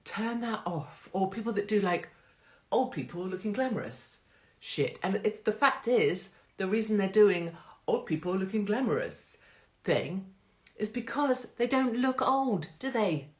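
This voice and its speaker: A woman's voice: medium pitch, expressive, unhurried. A woman hosting a casual live stream, brash and jokey, swearing freely and laughing often, from England. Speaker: host. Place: home, live phone stream. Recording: roomy echo.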